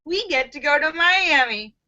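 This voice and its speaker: An eager little boy who can barely contain himself, played by a woman in a told joke. His voice sits high and sweeps widely. The sound is slightly lo-fi. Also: expressive, normal speed, bright, forceful tone, full character voice. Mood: excited.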